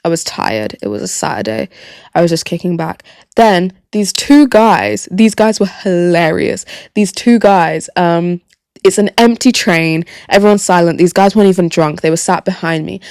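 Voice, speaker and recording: A young woman tells a rambling story on her own podcast. Her voice sits a little low, and she swears freely and repeats lines for emphasis. The sound is dry and close. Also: a little mellow, clean tone, no room sound. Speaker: podcast host. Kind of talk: casual solo storytelling.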